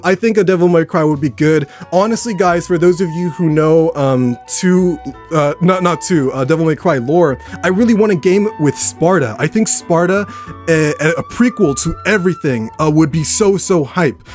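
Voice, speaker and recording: An excitable young man hosts a live stream from his room, talking straight to his chat in a rambling, eager way. His voice sits a little high and sounds slightly worn, and faint music plays underneath. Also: normal speed. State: voice getting worn.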